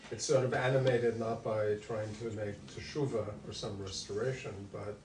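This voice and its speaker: A man in a class discussion, giving a measured, thoughtful comment. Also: lowish voice, fairly even intonation, a little mellow, slight background noise. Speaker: class participant. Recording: distant from the mic in an echoey room.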